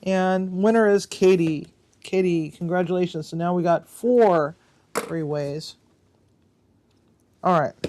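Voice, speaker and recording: A woman's voice: lowish voice, slow, pauses often, darkish tone. A woman hosting a casual livestream card game, reading out players' answers with chatty asides and frequent laughter. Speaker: livestream host.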